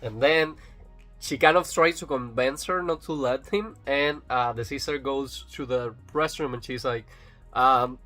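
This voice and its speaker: A man's voice: medium pitch, normal speed, soft background music. Rambling man retelling a sitcom plot. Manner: retells scenes quoting characters in a relaxed, rambling way. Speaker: vlog host. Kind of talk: casual spoken review.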